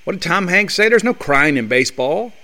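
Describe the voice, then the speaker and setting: Male sports radio host, opinionated ranter with a slightly raised pitch. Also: expressive, fairly quick, sharp tone. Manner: blunt, fired-up, rhetorical questions. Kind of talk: opinionated sports talk monologue.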